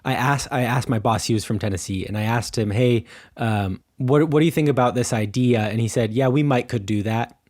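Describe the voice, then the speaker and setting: A man's voice: medium pitch, brisk, a little mellow. An American man co-hosting a podcast in casual chat, rambling loosely with lots of "like" and "um" fillers. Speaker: podcast co-host.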